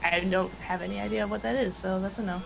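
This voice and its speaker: A woman co-hosting a gaming livestream, speaking at an ordinary middle pitch in a relaxed, chatty way. She reads viewer questions aloud, and a clear layer of background noise sits under her voice. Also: fast talker. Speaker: livestream co-host. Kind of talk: casual gaming livestream chat.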